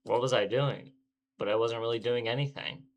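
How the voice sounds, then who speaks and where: A man's voice: medium pitch, steady tone, moderate pace, natural voice. A man voicing an irritable teenage boy protagonist, reading his brooding first-person lines aloud from a visual novel. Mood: confused.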